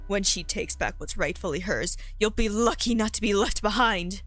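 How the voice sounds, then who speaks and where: A woman streamer voicing a creepy, rude old man who mutters threats in a slow, low voice. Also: fairly bright tone, no room sound, soft background music, close to an everyday voice. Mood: menacing.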